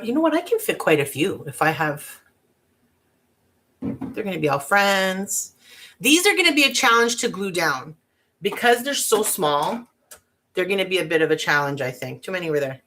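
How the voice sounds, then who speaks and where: A woman's voice: lowish voice, big pitch swings, moderate pace, pauses often, sharp tone, slight background noise. A woman giving a casual crafting tutorial, chatty and bubbly with giggly asides. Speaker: craft vlogger.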